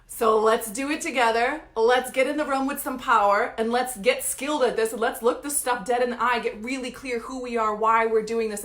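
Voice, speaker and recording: Quick emphatic coach lady, kinda high voice, echoey room. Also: a bit bright. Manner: emphatic, blunt, repetitive. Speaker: life coach. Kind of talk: motivational talk to camera.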